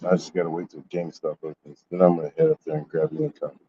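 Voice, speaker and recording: A man's voice: very deep voice, little pitch movement, very fast, dull audio, slight background noise. A man telling a story in a casual gaming vlog, swearing and venting his frustration. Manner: profane, exasperated ranting. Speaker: gaming YouTuber.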